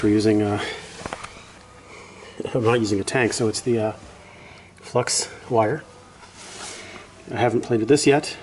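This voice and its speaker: A man's voice: medium pitch, slight background noise, low-quality recording. A man doing a casual garage vlog as a home mechanic, blunt and self-deprecating, swearing now and then, out of breath at times.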